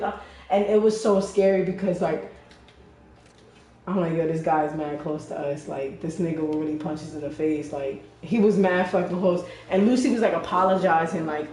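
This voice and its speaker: A young woman tells a story in casual chat, in an animated and profane way, full of fillers. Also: lowish voice, moderate pace. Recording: echoey room, far from mic.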